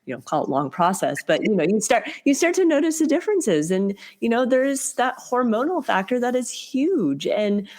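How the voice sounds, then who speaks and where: A woman's voice: on the high side, sing-song, moderate pace, hardly any pauses, darkish tone. A woman in her forties co-hosting a podcast, talking candidly and chattily with frequent restarts. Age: 40s. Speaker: podcast co-host. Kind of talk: casual podcast chat.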